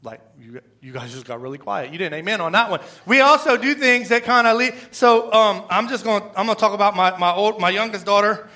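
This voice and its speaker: A man's voice: high voice, a little fast, pushed and bright. A man preaching a sermon in a conversational way, often asking the congregation to respond. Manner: conversational, asks the crowd for responses. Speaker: pastor.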